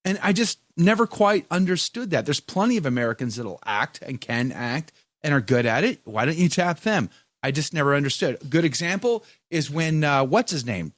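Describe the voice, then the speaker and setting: Animated male podcast host. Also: a little high, normal speed, no echo. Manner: animated, joking, reads viewer comments aloud. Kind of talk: casual chat reading live comments.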